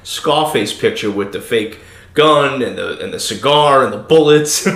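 A man in his thirties co-hosting a podcast, telling stories in a loose, animated way and swearing freely. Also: mid-range voice, normal speed. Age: 30s. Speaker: podcast co-host. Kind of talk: casual chat, storytelling. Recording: echoey room.

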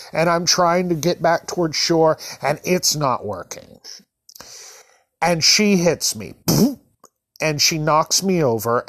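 A man hosting his own podcast, telling self-deprecating comic stories in an animated, drawn-out way. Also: a little high. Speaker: podcast host. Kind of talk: comedic storytelling.

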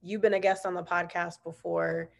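A woman's voice: lowish voice, little pitch movement, normal speed, creaky. A woman hosting a podcast over a video call, chatty and laughing, full of "like" fillers. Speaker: podcast host. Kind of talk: casual video-call interview.

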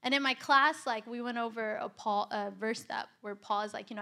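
A woman's voice: on the high side, steady tone, moderate pace, a bit bright. A young woman giving a casual spoken testimony, earnest and chatty, with a constant "like" in her speech. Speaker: church volunteer sharing a testimony.

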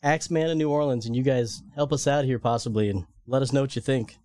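A man's voice: mid-range voice, fast, mellow. A man hosting a podcast in casual chat, easygoing and leading the conversation. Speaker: podcast host.

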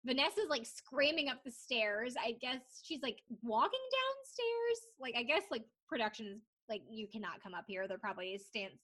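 A woman's voice: high-pitched, normal speed, hardly any pauses. A young woman co-hosting a casual podcast, telling a reality TV story with lots of swearing and acted-out quotes. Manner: animated storytelling, swears freely, acts out quotes. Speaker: podcast co-host. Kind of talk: casual chat recapping reality TV.

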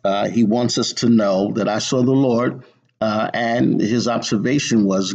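Male preacher, slow sermon delivery, repeats for emphasis, dull lo-fi recording. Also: medium pitch, steady tone, a little mellow. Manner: slow and deliberate, repeats words for emphasis, frequent "uh". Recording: dull lo-fi sound.

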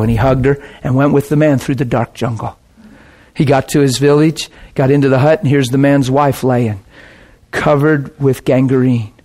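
In his sermon, a man with a mid-range voice spins an animated, folksy tale at a moderate pace, imitating the people he quotes.

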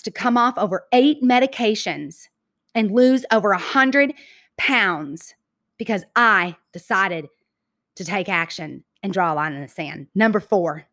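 A woman from Georgia with a Southern accent giving an emphatic inspirational talk, repeating key phrases slowly and calling her listeners y'all. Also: mid-range voice, fairly bright tone. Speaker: motivational speaker.

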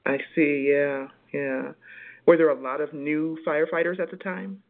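A fairly high-voiced man hosts a relaxed, friendly interview, and his voice has a gravelly edge. His voice sounds narrow and tinny, like a phone line. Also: normal speed. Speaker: interviewer, host.

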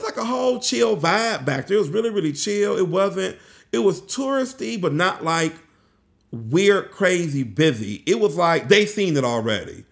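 A young man tells a travel story in a casual, animated vlog, full of slang and excited asides. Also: on the high side. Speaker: vlogger.

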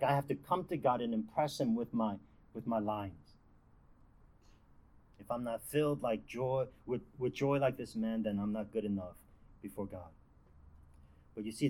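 A man's voice: medium pitch, darkish tone, low-quality recording. A young man giving a casual devotional talk as a campus ministry speaker, chatty and full of fillers and restarts. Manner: conversational, lots of fillers and restarts.

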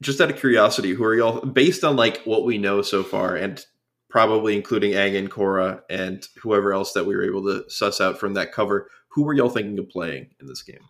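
A man chatting casually on a gaming podcast, halting with restarts and "uh"s. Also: lowish voice, a bit bright. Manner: hesitant, stammers and restarts. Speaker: podcast co-host. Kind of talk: casual chat.

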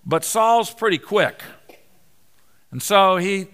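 A man preaching a sermon in a church, animated and conversational, joking with the congregation. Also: sits high, takes it slowly, pauses often, clean tone. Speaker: preacher, Bible teacher.

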